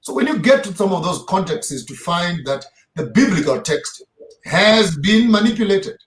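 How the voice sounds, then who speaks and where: A man's voice: high voice, very animated, moderate pace, roomy sound. A man being interviewed as a theologian, lecturing emphatically and firing off rhetorical questions. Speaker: theologian guest. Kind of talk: impassioned interview talk.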